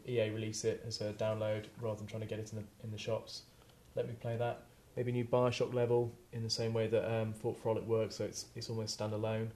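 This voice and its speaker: A man's voice: on the low side, level tone, quick pace, few pauses, darkish tone, reverberant. A man with a Scottish accent talking eagerly on a studio podcast, with many fillers. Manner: enthusiastic, hesitant with fillers. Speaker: podcast co-host. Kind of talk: casual studio chat.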